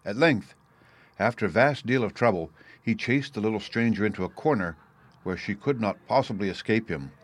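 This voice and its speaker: A man giving a measured storybook narration. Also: fairly low pitch. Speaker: reader.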